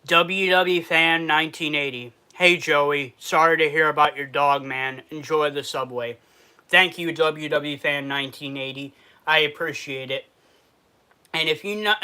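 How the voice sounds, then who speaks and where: A man's voice: on the high side, sharp tone, clear, resonant tone. A man from Western New York with a New York accent, hosting a casual food review livestream, reading viewer comments aloud and answering them, sad underneath.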